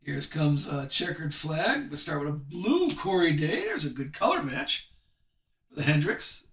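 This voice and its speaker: A man's voice: on the high side, big pitch swings, fairly bright tone, roomy sound, far from the mic, a little hiss or hum. A man hosting a live sports card break, chatting with viewers and reading off the cards as he opens packs. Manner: chatty, reads card names off quickly.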